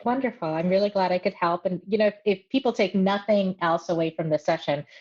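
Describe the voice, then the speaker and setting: A woman voice coach, a guest on a podcast, explaining her work in measured terms with light laughs. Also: mid-range voice, a little mellow. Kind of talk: casual podcast interview. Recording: slightly dull lo-fi audio.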